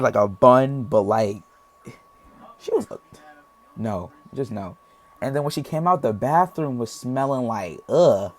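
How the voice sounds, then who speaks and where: A young man telling a casual storytime, rambling with lots of slang and acting out what people said. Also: mid-range voice. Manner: rambling, heavy slang, acts out voices. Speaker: storytime vlogger.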